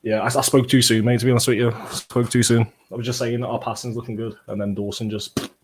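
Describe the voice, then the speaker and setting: Young man, livestream host, average pitch, casual banter, reads chat aloud. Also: fast, slightly rough. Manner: banter, swearing, reading out chat comments; bursts into excited play-by-play.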